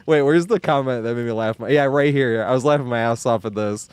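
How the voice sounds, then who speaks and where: A man's voice: mid-range voice, fairly quick, smooth, no room sound. A man in his thirties, originally from the New York area, chatting casually on a live stream, rambling, laughing often and swearing freely. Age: 30s.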